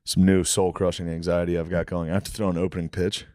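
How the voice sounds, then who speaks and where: A man co-hosting a podcast, telling crude stories in a deadpan way and slipping into quick quoted voices. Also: low-pitched, dry recording, studio quality. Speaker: podcast co-host. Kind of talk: casual crude banter.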